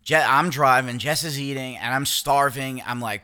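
Bright-voiced rambling male storyteller. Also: mid-range voice, fairly even intonation, moderate pace. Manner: rambling, profane, self-interrupting. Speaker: podcast co-host. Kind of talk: casual storytelling.

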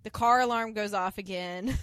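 A woman's voice: mid-range voice, moderate pace, a bit bright, no room sound, studio quality. A woman co-hosting a podcast, casually retelling episode scenes and acting out the characters' lines with frequent laughs. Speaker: podcast co-host. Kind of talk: casual recap chat.

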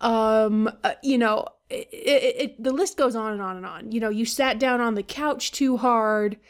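Woman vlogger, slightly high voice, blunt and foul-mouthed, rambling casual rant. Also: a little slow, clean tone. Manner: blunt, profane, rambling with fillers.

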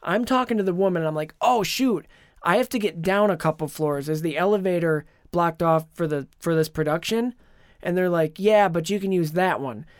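A man co-hosting a podcast, telling a long dream in a rambling, animated way with lots of fillers. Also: sits high, normal speed, clear, resonant tone, no echo, studio quality. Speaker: podcast co-host. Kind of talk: casual chat, retelling a dream.

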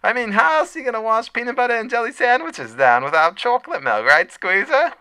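A man putting on the voice of a doting, flirty middle-aged lunch lady, high and sugary. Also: very animated, a little fast, pushed and bright, smooth, dry recording, full character voice. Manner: sugary, fawning, teasing.

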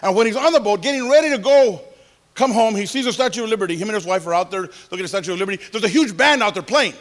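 High-voiced exclamatory male preacher. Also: lively intonation, racing. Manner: exclamatory, with interjected hallelujahs and praise the Lord; folksy storytelling, mimicking music with sung syllables. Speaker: pastor. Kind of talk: sermon. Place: church service.

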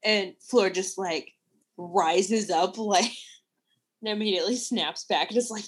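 A woman co-hosting a casual book-talk show, enthusiastic and quick to laugh as she gives her opinions. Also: medium pitch, husky. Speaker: podcast co-host.

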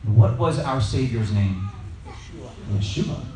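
A man teaching scripture as a Bible teacher, lively and animated, sometimes acting out shouting scenes. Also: medium pitch, slow, noisy background. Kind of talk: teaching sermon. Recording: echoey room, voice from a distance.

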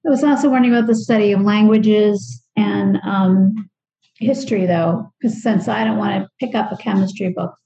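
A woman's voice: mid-range voice, moderate pace, gravelly, mellow. Hesitant, curious woman, slightly dull recording. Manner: tentative, curious, many fillers. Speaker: study group member. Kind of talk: group discussion.

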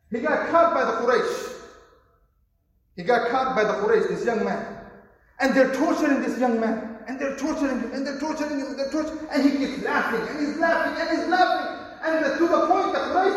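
High-pitched preaching man in a booming hall. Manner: impassioned, repetitive, rising to shouts. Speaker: guest preacher. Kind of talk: sermon to a gathering. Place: large hall with an audience. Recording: echoey hall from a distant mic.

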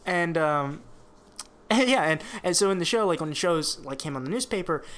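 A man in an easygoing podcast chat, talking with lively energy and frequent swearing. His voice sits a touch higher than most men's, and he restarts his sentences often as he goes. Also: moderate pace. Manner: animated, swears freely, many restarts. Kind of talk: casual chat reviewing a TV show.

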